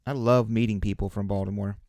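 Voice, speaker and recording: A man hosting a live card break, chatting casually with viewers as he opens cards, relaxed and joking. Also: lowish voice, fast, no room sound. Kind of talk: casual live commentary while opening cards.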